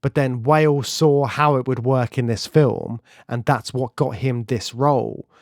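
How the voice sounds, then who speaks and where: Man, podcast co-host, enthusiastic film chat, middle pitch, dry close recording. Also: unhurried, a little mellow, no echo. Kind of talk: casual film discussion.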